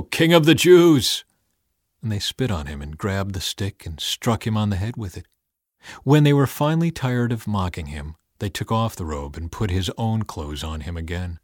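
A man reading the Bible aloud in a scripted, expressive and dramatic way. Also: lowish voice, no room sound, clean studio sound. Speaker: Bible reader.

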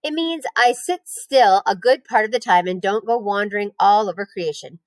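A wise, motherly spider as a woman reads her aloud, talking in a steady, soothing way with a firm edge when she scolds. The voice sits a little higher than the reader's own, in a dry, close storybook reading. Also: moderate pace, no room sound, lightly acted, low-quality recording. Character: calm wise female barn spider.

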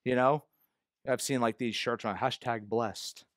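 A man's voice: mid-range voice, fairly even intonation, a little slow, dry recording, clean studio sound. A male pastor preaching a sermon, explaining the text in a conversational way with emphatic stresses. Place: church.

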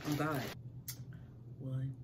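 A woman's voice: extremely low pitch, flat delivery, drawn-out words, a little hiss or hum. A woman hosting a casual home vlog, talking in playful, slangy banter. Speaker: vlogger host. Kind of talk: casual chat.

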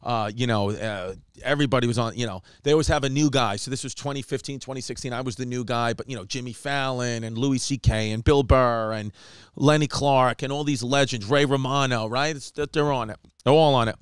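A man from New York, a comedian hosting a podcast, telling stories in casual chat and jumping up in pitch for quoted voices. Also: brisk, clear, resonant tone, dry recording, studio quality.

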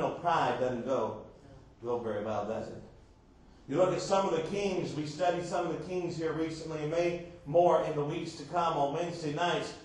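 Male pastor, emphatic sermon delivery, high voice, far from the mic in a booming echoey church. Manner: emphatic preaching with rhetorical questions to the congregation.

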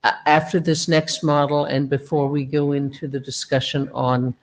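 A man chairing a working group session, polite and measured, thanking presenters and moving the agenda along. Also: a little high, flat delivery. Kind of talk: chairing a meeting. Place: conference room.

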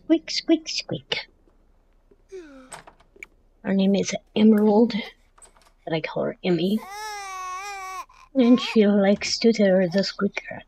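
A woman's voice: mid-range voice, a little slow, long pauses, mellow. A woman in her forties giving casual, chatty commentary on her game at home, talking to the game characters and her dog as she plays. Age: 40s. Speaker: gameplay commentator.

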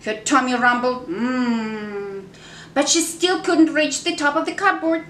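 A woman reading a picture book aloud to children in animated, sing-song storytelling, stopping to ask her listeners questions. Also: sits high, normal speed, far from the mic. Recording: echoey room with faint background noise.

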